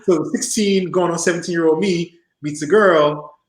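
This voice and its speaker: A former wrestler in his forties tells stories in a casual interview, his somewhat high voice moving at a normal speed. He's an animated storyteller who laughs often and acts out other people's voices. The low-quality recording is full of reverb.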